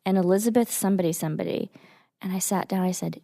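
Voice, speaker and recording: A woman's voice: on the low side, fairly even intonation, fast, gravelly, warm tone, no room sound. A woman from Houston co-hosting a casual podcast chat with her husband, blunt and teasing in a dry way. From Houston, Texas. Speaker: podcast co-host.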